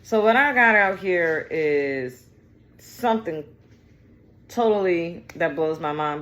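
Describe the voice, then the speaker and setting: A woman's voice: sits low, fairly bright tone. Woman w/ doing a tarot reading, chatty, swears a lot, goes off on tangents, bit of noise behind. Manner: chatty, digressive and profane, with slang. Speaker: tarot reader.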